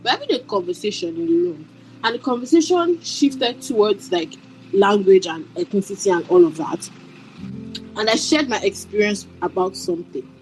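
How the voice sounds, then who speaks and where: A woman's voice: mid-range voice, animated, moderate pace, darkish tone, faint music behind, poor audio. A woman in a book club discussion, speaking hesitantly with many fillers and apologies. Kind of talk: casual discussion.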